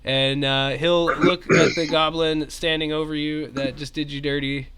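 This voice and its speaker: A man, narrating a tabletop game as game master in a relaxed, chatty way. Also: a little high, unhurried, noisy background.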